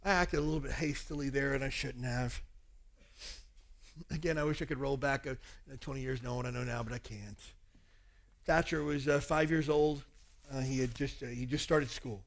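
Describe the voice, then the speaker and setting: A man's voice: mid-range voice, normal speed, creaky. A man in his forties preaching a sermon on parenting, telling a personal story and acting out family dialogue. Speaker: pastor.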